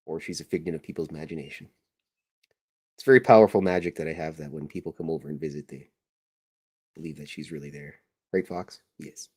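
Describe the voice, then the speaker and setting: A middle-aged man with a low, deep voice rambles along in relaxed, casual chat as he draws. He slips into jokes and teasing jabs at himself, and his talk wanders from one topic to the next. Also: brisk, long pauses, husky. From Canada. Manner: joking, self-deprecating, meandering. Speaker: podcast host and cartoonist.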